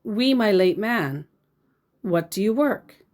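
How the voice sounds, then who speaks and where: A female scammer posing as a soldier speaks in slow, clipped, broken English, as an Australian woman reads her lines aloud. Her pitch swings widely between short, stilted phrases. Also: expressive, a little mellow. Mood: terse.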